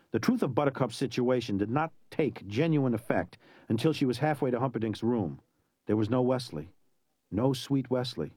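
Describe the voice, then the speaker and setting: A man narrating a story in an expressive, dramatic way. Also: mid-range voice, normal speed, slightly rough, no echo. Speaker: audiobook narrator.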